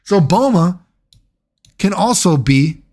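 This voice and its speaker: A man's voice: high voice, lively intonation, slow, darkish tone. A man speaking as a gaming YouTuber in casual commentary, rambling and sarcastic, swearing freely.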